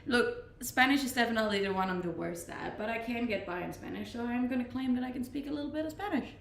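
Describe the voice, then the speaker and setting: Gravelly Scandinavian woman streamer. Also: fairly high pitch, animated, quick pace, a little hiss or hum. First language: Scandinavian language. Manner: laughs often, playful and chatty. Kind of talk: casual chat reading out viewer messages. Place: Australia, Gold Coast. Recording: echoey room.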